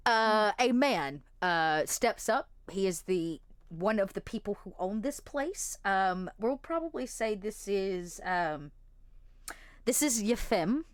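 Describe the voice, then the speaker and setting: A woman's voice: mid-range voice, lively intonation, slow pace, clear, resonant tone, dry recording, studio quality. Rambling woman game master. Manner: casual, rambling, many fillers. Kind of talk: narrating a tabletop game.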